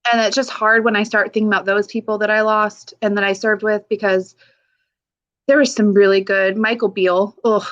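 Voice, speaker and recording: A woman in her thirties talks openly in an interview, her voice sitting at an ordinary middle pitch. She swears casually and breaks into laughter between heartfelt remarks. The recording sounds a little dull and lo-fi. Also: little pitch movement, a little fast. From Pacific Northwest, USA. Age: 30s. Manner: frank and emotional, swears casually, laughs often. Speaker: army veteran guest. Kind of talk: candid podcast interview.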